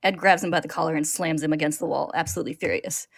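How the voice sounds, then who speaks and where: A woman podcast host retelling an episode in steady, clear storytelling narration. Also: sits low, quick pace, few pauses, no echo, studio quality.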